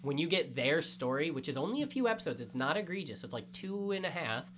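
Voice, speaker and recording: A man co-hosting a casual anime review chat, talking in animated bursts with quick asides. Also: a little high, slight background noise. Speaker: podcast co-host.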